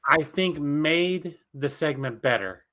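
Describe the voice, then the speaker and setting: A man co-hosting a podcast, giving animated, opinionated wrestling takes and swearing freely. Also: fairly high pitch, slow pace. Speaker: podcast co-host. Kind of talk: casual wrestling recap chat.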